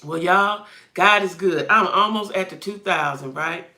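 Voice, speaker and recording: A woman's voice: fairly low pitch, a little slow, pushed and bright. A woman hosting a casual livestream, chatting straight to her viewers and greeting them by name while she thinks aloud and fiddles with the settings. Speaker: livestream host.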